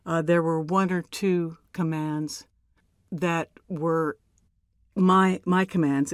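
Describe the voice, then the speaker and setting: An older woman, a voice actor, telling stories in an interview in a measured, deliberate way with emphatic pauses. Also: low voice, dry recording, clean studio sound. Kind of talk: relaxed interview storytelling.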